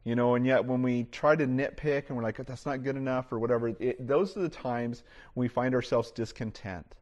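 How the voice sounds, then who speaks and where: A man's voice: mid-range voice, normal speed, darkish tone, highs cut off. A middle-aged man preaching a sermon to his congregation. He talks casually, with many "you know" fillers and restarts. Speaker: pastor. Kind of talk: conversational sermon.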